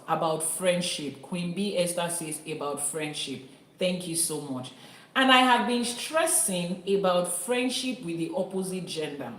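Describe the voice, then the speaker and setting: A woman from Nigeria hosting a live-stream teaching, talking earnestly and emphatically to her viewers and reading their comments. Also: fairly low pitch. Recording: echoey room.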